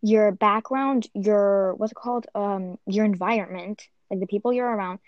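A woman's voice: medium pitch, fairly even intonation, moderate pace, no echo, highs cut off. A young woman chatting casually with friends, rambling with lots of restarts and fillers. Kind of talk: casual chat among friends.

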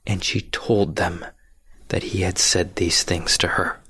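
A male preacher retelling a scripture story in a sermon, hushed and often dropping to a whisper for drama. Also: deep voice, flat delivery, a little slow, slightly rough, dry recording.

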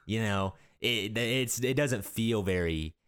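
A man's voice: on the low side, slow pace, a bit bright, clean tone. A young man co-hosting a podcast in casual chat, rambling with restarts and laughter. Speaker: podcast co-host.

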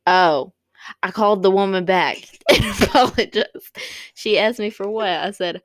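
A woman's voice: mid-range voice, measured pace. A woman chatting casually and reading funny stories aloud, giggly and playful, sometimes stumbling over words.

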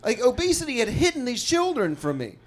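A man, a stand-up comedian, telling a profane, animated story in casual podcast chat. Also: very high-pitched, fairly quick.

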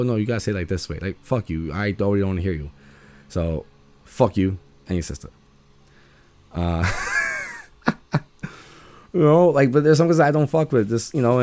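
Young man, deep low voice, dry close recording, casual rambling talk, frequent fillers. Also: warm tone, no echo. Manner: rambling, laid-back, full of "you know" and swearing. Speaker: speaker sharing views on dating and family. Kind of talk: casual monologue.

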